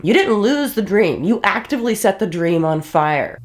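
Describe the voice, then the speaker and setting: A woman's voice: mid-range voice, lively intonation, normal speed, hardly any pauses. A woman giving heated, blunt reaction commentary and swearing often. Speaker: commentary host.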